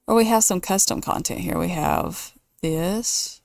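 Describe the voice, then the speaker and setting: A woman's voice: lowish voice, measured pace, gravelly, darkish tone, dry recording, clean studio sound. A woman hosting a casual let's play, thinking aloud and weighing choices as she builds. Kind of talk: casual gameplay commentary.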